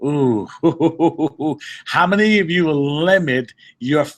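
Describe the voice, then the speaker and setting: Guy with a slightly high voice fired up giving a motivational talk, repeats himself a lot, trips on words sometimes. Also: drawn-out words. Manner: emphatic and repetitive, restating points, stumbling on words. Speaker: motivational speaker leading a group session. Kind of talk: motivational talk to a live audience.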